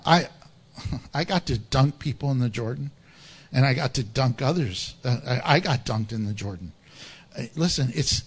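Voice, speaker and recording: High-voiced pastor preaching with humor. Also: male voice. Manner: animated, humorous, laughs often, acts out Bible stories. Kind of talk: sermon. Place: church.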